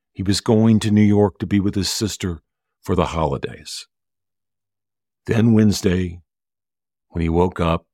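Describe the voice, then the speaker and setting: A middle-aged man telling a personal story in a slow, measured, earnest way. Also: low voice, a little mellow, dry recording, clean studio sound. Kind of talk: personal story told to an audience.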